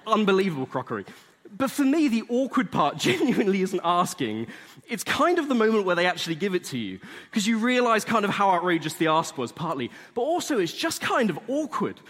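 High-voiced man telling a story in a hall. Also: sing-song, a little fast, a bit bright. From England. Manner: chatty, self-deprecating storyteller with laughs. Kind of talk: storytelling sermon.

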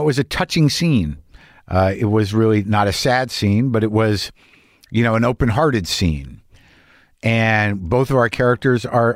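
A middle-aged actor talking in a rambling, earnest way in a casual personal vlog, swearing now and then. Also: male voice, mid-range voice, no echo, studio quality.

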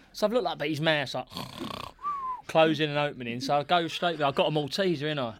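A man's voice: on the high side, huge pitch swings, a little fast, background noise. A man telling football stories in casual chat, laughing, swearing and acting out what people said. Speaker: guest storyteller, former footballer.

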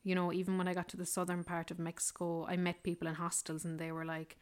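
A young Irish woman hosting a podcast, telling a travel story in a chatty, animated way. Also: fairly low pitch, quick pace, clean tone. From Ireland. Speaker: podcast host.

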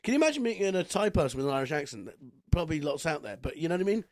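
A man's voice: fairly high pitch, sing-song, racing, a little mellow, no echo, studio quality. A man co-hosting a podcast, joking wryly and laughing often in casual chat. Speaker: podcast co-host.

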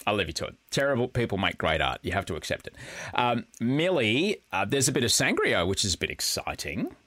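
A man co-hosting a podcast, recapping in a quick, jokey, casual chat. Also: on the low side, huge pitch swings, sharp tone, no room sound. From Australia. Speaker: podcast co-host.

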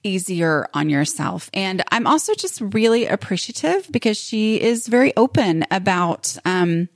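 A woman's voice: medium pitch, dry recording, clean studio sound. Chatty woman hosting a podcast. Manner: chatty, rambling, with many fillers and restarts. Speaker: podcast host. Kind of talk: casual podcast intro.

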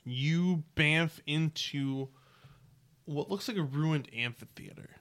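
Bright-voiced male game master narrating. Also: on the high side, slow pace. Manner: relaxed, descriptive, with fillers.

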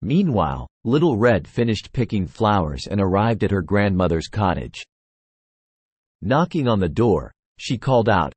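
A man's voice: fairly low pitch, sing-song, moderate pace, a little mellow, slightly rough, dry recording. A man narrating a fairy tale in a scripted storytelling style.

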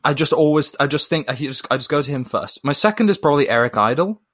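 Man, casual chat, thoughtful, measured, hedging with ums and uhs. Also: a little high, expressive, fairly bright tone. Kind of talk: casual conversation.

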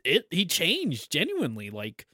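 Relaxed man in podcast chat. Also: fairly high pitch, unhurried, no echo, studio quality. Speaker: podcast guest. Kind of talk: casual movie discussion.

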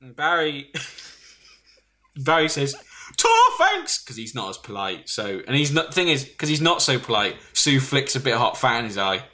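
A man telling a rambling comic story on a podcast, jumping into loud put-on voices for the people in it. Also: medium pitch, brisk, few pauses. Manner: animated, shouts and squeals when quoting others.

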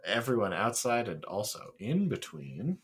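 A man who is the producer and co-host of a casual podcast, teasing and laughing with quick comebacks. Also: on the low side, very animated, slightly rough. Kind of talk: casual comedy podcast banter.

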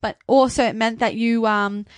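A woman's voice: fairly high pitch, steady tone, normal speed, no room sound. A woman co-hosting a casual podcast chat, earnest and reflective, with many "like" and "um" fillers. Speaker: podcast co-host.

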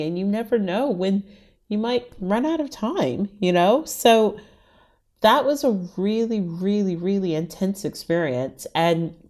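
A woman from the Washington, D.C. area speaks as a guest in an interview, in a slightly low voice. She talks openly and casually about her own life and fills her sentences with "like.". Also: a little mellow. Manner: frank, chatty, heavy use of "like". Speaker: interview guest, writer and stylist. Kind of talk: candid personal interview conversation.

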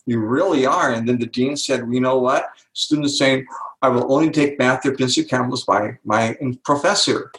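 Older man, gravelly, telling stories slowly. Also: medium pitch, steady tone, fairly bright tone, reverberant, rough recording. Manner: slows down to stress key words, acts out quoted voices. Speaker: author and speaker, guest. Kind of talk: interview storytelling.

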